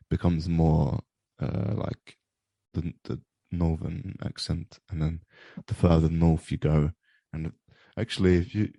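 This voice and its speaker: A man from Sweden chatting casually as a podcast guest, hesitant and full of ums. His voice is very deep and gravelly. He talks slowly, in a dry, close sound. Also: dark tone, no room sound. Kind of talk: casual chat.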